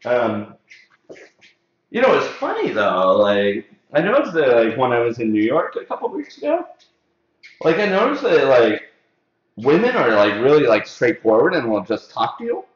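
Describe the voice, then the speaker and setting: A man's voice: medium pitch, huge pitch swings, moderate pace. A man hosting a live hair-cutting show, chatting casually and jokingly in a salon classroom, recorded on a camera mic. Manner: joking, filler-heavy, talks to the chat. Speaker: hairstylist and show host. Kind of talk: casual chat during a live tutorial. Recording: echoey room, dull sound.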